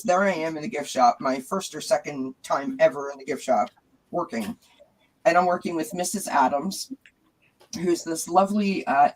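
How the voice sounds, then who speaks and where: Man, talk show host, breathy voice, animated storyteller. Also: a little high, rough recording. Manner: lively anecdotal storytelling. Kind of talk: casual chat.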